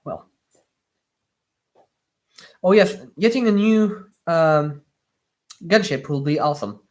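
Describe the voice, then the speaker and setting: A live streamer chatting casually while building with LEGO, answering viewer comments in slightly awkward non-native English, with lots of pauses and restarts. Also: mid-range voice, animated, darkish tone. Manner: hesitant, many fillers and restarts.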